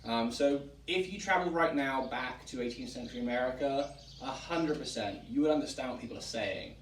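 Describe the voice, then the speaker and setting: A man's voice: mid-range voice, brisk. English man explaining in a roomy tavern. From England (Wiltshire). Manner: chatty, explains at length with many ums. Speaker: museum director and host. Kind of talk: casual explanatory chat. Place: historic tavern room, indoors. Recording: roomy, distant mic, faint background noise.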